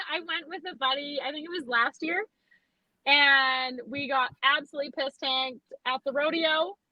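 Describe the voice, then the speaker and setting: A young woman from Alberta telling profane, animated party stories as a podcast guest in casual chat. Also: high voice, measured pace, no room sound, lo-fi sound. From Alberta, Canada. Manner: chatty, profane, animated storyteller. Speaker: podcast guest, western photographer.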